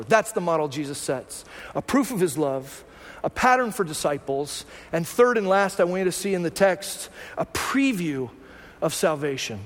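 A man's voice: a little high, sing-song, moderate pace, a bit bright. A man preaching a sermon to his congregation in a church, conversational and full of rhetorical questions. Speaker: pastor. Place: church sanctuary. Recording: long hall reverb.

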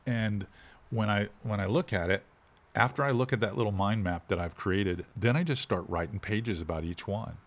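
A middle-aged man, a fishing instructor talking in a casual interview with animated, shifting inflection. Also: fairly low pitch, moderate pace.

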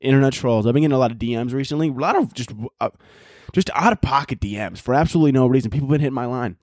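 A man's voice: medium pitch, very fast, a little mellow, dry recording, studio quality. A young man hosting his own podcast, rambling in a profane, self-mocking comic rant. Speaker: podcast host. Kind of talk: solo comedic podcast rant.

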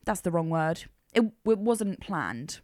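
A woman's voice: fairly low pitch, animated, unhurried, darkish tone, no echo, studio quality. A woman co-hosting a podcast, telling a true crime case in a chatty, slangy way. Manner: chatty, uses casual slang like mega. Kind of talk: casual true crime storytelling.

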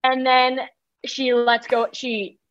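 Animated young woman telling stories. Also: high voice, slow, dull audio, slight background noise. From New York City. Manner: animated, swearing storyteller. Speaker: guest musician. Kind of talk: casual podcast chat.

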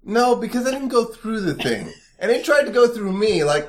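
A man co-hosting a podcast in casual banter, animated, who often mimics other people in put-on voices. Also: high-pitched, normal speed. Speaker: podcast co-host.

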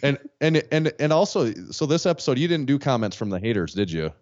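A man's voice: medium pitch, big pitch swings, fast, a little mellow, dry recording, highs cut off. A man co-hosting his own podcast as a guest caller, friendly and easygoing in casual chat. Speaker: podcast co-host.

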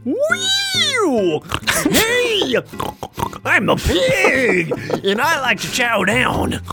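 A man voicing a giddy squealing pig who pitches a board game. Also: wildly swooping pitch, extremely slow, over music, full character voice.

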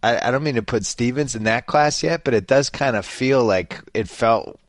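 A man's voice: medium pitch, normal speed, dry recording, clean studio sound. A man, hosting a casual sports chat and rambling along with lots of fillers. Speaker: podcast host.

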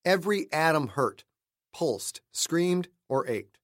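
Man narrating audiobook, slightly high voice, measured, dry close studio mic. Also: sing-song, dry recording. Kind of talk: scripted narration.

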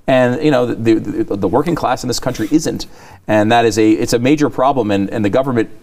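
A man's voice: medium pitch, a little fast, a little mellow. A man co-hosting a talk show, arguing his point earnestly in a casual discussion. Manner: earnest opinionated argument. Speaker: co-host.

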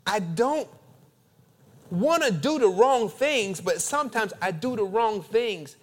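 A male pastor preaching a sermon, building emphatic repeated phrases and then dropping to quiet, confessional tones. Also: high voice, lively intonation, takes it slowly. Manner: emphatic preaching with dramatic repetition.

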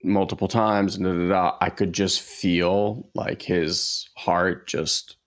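A man co-hosting a casual podcast, telling a heartfelt personal story in a halting way, with lots of fillers and restarts. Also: low voice, level tone.

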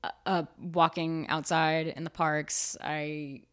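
A young adult woman with a somewhat low voice chats as a podcast guest, telling stories with lots of animation. Her talk is loose and filled with casual fillers. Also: slow, smooth. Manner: animated storytelling, many fillers like "like" and "you know". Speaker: actor and writer, podcast guest. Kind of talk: casual interview chat.

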